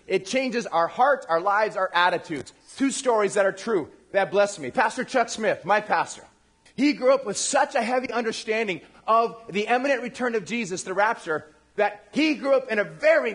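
A male pastor preaching a lively, conversational sermon, speaking directly to his congregation and acting out the voices he quotes. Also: high-pitched. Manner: animated, acts out quoted voices.

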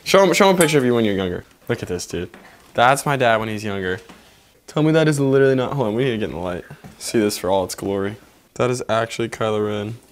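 A man's voice: lowish voice, animated, fast talker. A brash young man vlogging and joking around in public, swearing casually as he talks. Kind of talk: casual vlog chat.

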